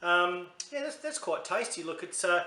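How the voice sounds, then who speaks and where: A man's voice: high-pitched, lively intonation, moderate pace, pushed and bright, reverberant. An Australian man reviewing a beer in a casual, chatty, rambling way, often correcting himself mid-sentence.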